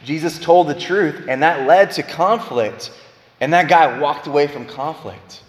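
Man, Bible teacher, emphatic preaching delivery, fairly high voice, echoey hall. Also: a little slow. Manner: emphatic, swings between loud bursts and quiet low lines. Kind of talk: preaching-style Bible talk. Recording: echoey hall with long reverb.

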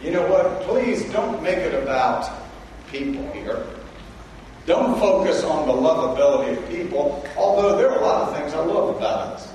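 A male pastor preaching a sermon, swinging between loud emphasis and quiet intensity. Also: on the high side, expressive, normal speed, slight background noise. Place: large church hall. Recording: echoey hall from far off.

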